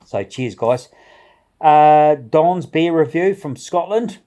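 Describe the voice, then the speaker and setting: Hosting his home brewing channel, a middle-aged man gives casual vlog shout-outs in a fairly high, mellow voice, animated yet taking it slowly. He's enthusiastic and relaxed, rambling somewhat and chuckling as he talks.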